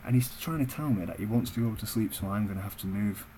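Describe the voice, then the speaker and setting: A young man tells a story in a low-pitched voice, blunt and full of swearing. He talks to the camera in a casual, conversational way, with some faint background hiss. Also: fast talker, dark tone, low-quality recording. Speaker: vlogger. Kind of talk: profane storytelling rant.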